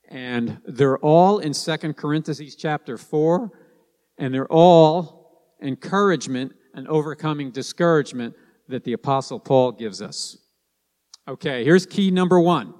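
A man's voice: mid-range voice, a little mellow, in a large hall. A man preaching a sermon to his congregation, stressing points and repeating key lines.

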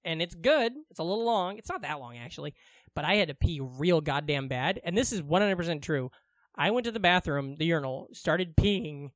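Man, podcast co-host, casual chat, swears and laughs a lot, high voice. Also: animated, a little fast, fairly bright tone, no echo.

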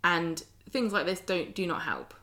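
Bright-voiced southern English woman. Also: lowish voice, measured pace. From southern England. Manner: chatty, animated, sarcastic asides. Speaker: podcast co-host. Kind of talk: casual chat recapping a soap.

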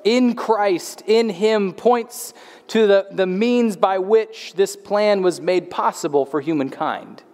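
A man's voice: slow pace, a little mellow. A man in his thirties preaching a sermon, earnest, repeating words as he restarts and letting his voice fall at the end of phrases. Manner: earnest, drops pitch at phrase ends, frequent restarts. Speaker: pastor. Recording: long hall reverb.

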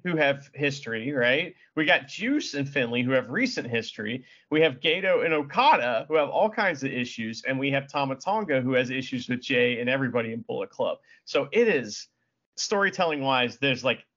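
A man's voice: mid-range voice, a bit bright. Rambling enthusiastic man, slightly dull sound. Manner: enthusiastic, filler-heavy rambling. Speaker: podcast co-host. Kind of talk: casual chat.

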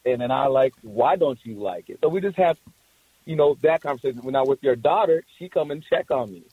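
Soft-spoken barber man, halting. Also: a little high, no room sound, narrow, tinny audio. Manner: halting, many restarts, laughs warmly. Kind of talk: casual conversation.

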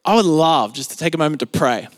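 A man's voice: fairly high pitch, lively intonation, fast, in a large hall. A man with an Australian accent preaching a sermon in a conversational, storytelling way, full of filler words. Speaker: pastor. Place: church service, streamed.

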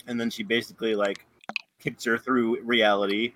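A man's voice: mid-range voice, little pitch movement, moderate pace, fairly bright tone, slight background noise, low-quality recording. Rambling man recapping a show. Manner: rambling, lots of fillers, self-correcting. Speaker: podcast co-host. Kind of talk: casual chat recapping an episode.

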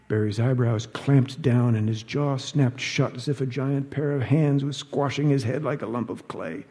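A man's voice: medium pitch, normal speed, hardly any pauses, warm tone, breathy edge, long reverb tail. A man narrating an audiobook in a dry, wry storytelling manner.

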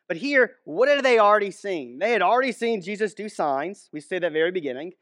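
A man preaches a sermon in a loose, conversational way, acting out short quotes and stumbling into restarts. His voice sits high for a man. The sound is dry and close, with no room echo. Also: fairly bright tone. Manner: conversational, storytelling, frequent restarts and acted-out quotes.

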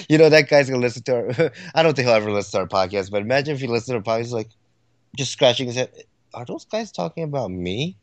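A man co-hosting a casual podcast chat, excitable and quick to laugh as he tells stories. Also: medium pitch, no echo. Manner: excitable, laughs often, animated storytelling. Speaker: podcast co-host.

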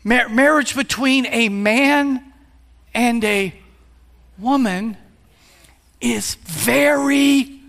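A man in his fifties, a pastor, preaching a playful sermon that builds to shouts. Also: extremely high pitch, very slow, creaky, long pauses. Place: church sanctuary. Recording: long hall reverb.

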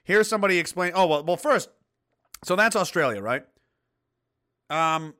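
Male host, bright and lively delivery, sneering reaction commentary. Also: sits high, normal speed, long pauses. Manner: mocking, swearing, puts on silly voices.

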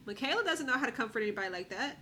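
A woman's voice: on the high side, lively intonation, rapid-fire, crowd noise. A woman, chatting casually as a podcast co-host and acting out the people she quotes in a recap. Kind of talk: casual chat.

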